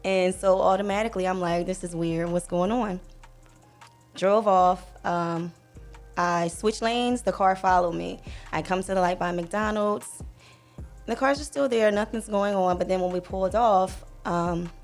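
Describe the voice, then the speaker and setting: A young woman telling a personal story on a podcast in a casual way, acting out the people in it with lively quoted lines. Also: mid-range voice, moderate pace, faint music behind. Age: young adult. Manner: animated retelling, acts out voices, fillers. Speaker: podcast guest.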